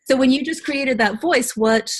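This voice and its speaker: A woman hosting a voiceover webinar, chatty and quick to laugh, rushing through stories. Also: high voice. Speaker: host, voiceover coach. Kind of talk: casual webinar Q&A.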